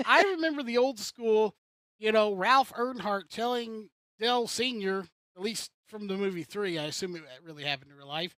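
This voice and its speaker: A man's voice: sits high, animated, normal speed, a bit bright, no room sound. A man giving opinionated racing commentary on a casual talk show, rambling through his points. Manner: rambling and opinionated, with filler-heavy restarts. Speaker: co-host commentator.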